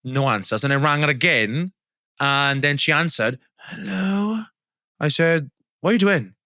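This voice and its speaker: A young man from Wales co-hosting a podcast, recounting stories in a teasing, halting way. His voice has a bright, forward edge, and the recording is dry and close-miked. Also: medium pitch, smooth, no echo. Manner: storytelling, teasing, halting restarts. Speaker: podcast co-host. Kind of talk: casual chat.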